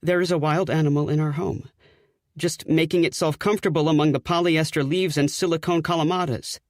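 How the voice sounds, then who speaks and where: A man's voice: fairly high pitch, fairly even intonation, fairly quick, no room sound, clean studio sound. A man narrating a comic first-person audiobook in a wry, sardonic storytelling voice.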